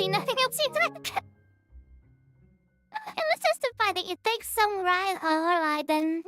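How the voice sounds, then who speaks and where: A woman streamer giving casual gaming commentary in a giggly, halting way with frequent restarts. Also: very high voice, lively intonation, bright, forceful tone, faint music behind.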